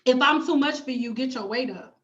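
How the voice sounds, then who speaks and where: A woman's voice: sits high, brisk, lo-fi sound. A woman, a hair care vlogger, speaking bluntly and emphatically to her livestream viewers, with profanity and repeated phrases. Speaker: hair care YouTuber and cosmetologist.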